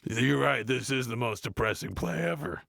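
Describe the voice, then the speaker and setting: An actor playing a gruff, blunt adult metal frontman, reading a play aloud in a deadpan, grumbling way and mocking the text. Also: mid-range voice, moderate pace, dry recording, studio quality. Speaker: reader of a play. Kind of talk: comedic read-aloud with running complaints.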